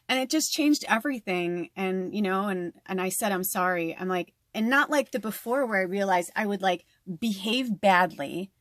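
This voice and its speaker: A woman's voice: mid-range voice, dry recording, clean studio sound. A woman working as a psychic medium, giving a casual, meandering tarot reading from a tiny home. She talks in a chatty way, full of fillers, and swears freely.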